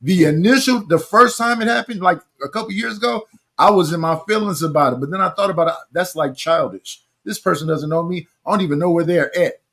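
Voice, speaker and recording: A man's voice: high-pitched, brisk, fairly bright tone. A man hosting a casual live-stream panel, joking and talking in loose restarts.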